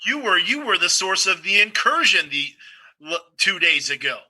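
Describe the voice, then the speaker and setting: A man improvising a self-serious, threatening ninja-obsessed shop owner who speaks haltingly. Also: high-pitched, sing-song, bright, forceful tone, breathy edge, full character voice, rough recording. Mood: menacing. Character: pompous ninja-obsessed bookstore owner, intense. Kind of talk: improvised comedy.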